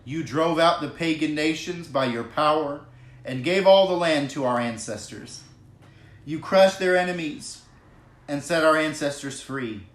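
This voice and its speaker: Pastor, male, fairly high voice, unhurried earnest delivery, echoey church hall. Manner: earnest, emphatic, drawn-out preaching cadence. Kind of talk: sermon. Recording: echoey room.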